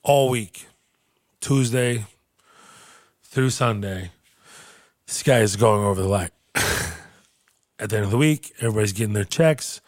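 A man with a lowish voice spins a swear-laden anecdote in casual podcast chat, jumping into put-on voices for the people he quotes. The sound is dry and close, with no room around it. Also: unhurried, pauses often, no room sound. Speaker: podcast host and comedian.

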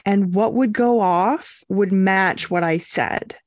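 A young woman co-hosting a podcast, telling a story in a casual, animated way and acting out quotes. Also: medium pitch, takes it slowly, dry recording, clean studio sound. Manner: animated, acts out quotes with swearing and laughs. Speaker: podcast co-host.

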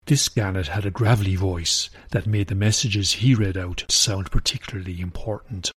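Low husky male storyteller. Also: normal speed, fairly bright tone, dry recording, clean studio sound. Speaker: narrator. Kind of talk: scripted storybook narration.

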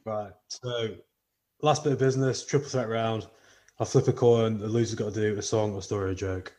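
A man hosting a podcast, briskly running a game segment with jokes. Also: fairly low pitch, steady tone, warm tone, faint music behind. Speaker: podcast host. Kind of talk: casual podcast chat.

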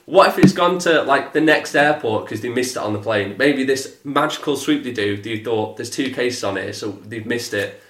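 A man, telling a story in a casual podcast chat, animated and swearing, mimicking others in a flat lowered voice. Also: fairly quick, hardly any pauses, heavy background noise. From England. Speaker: podcast co-host. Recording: echoey room.

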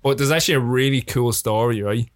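A man's voice: medium pitch, fast, no echo, studio quality. Irish man telling crude set stories. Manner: animated, profane, acts out quotes. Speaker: podcast guest, filmmaker and actor. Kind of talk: casual anecdote telling.

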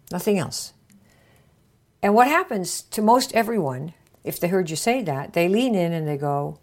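A woman hosting a marketing podcast, coaching listeners in a casual way and acting out little conversations with bright shifts of tone. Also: on the low side, moderate pace. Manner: acts out little dialogues with lively shifts of tone.

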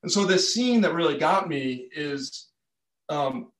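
A man's voice: a little high, expressive, a little slow, a bit bright, roomy sound. A man preaching a sermon, telling a story in an earnest, conversational way. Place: church.

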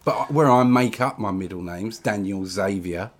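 A man's voice: on the low side, moderate pace, slight background noise. A man hosting a podcast, chatting casually and telling jokey, rambling stories. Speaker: podcast host. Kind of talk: casual chat.

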